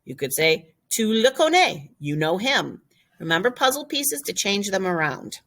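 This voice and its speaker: A woman teaching a recorded French lesson, jumping up high to model phrases and reading each one out. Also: sing-song, normal speed, bright, forceful tone.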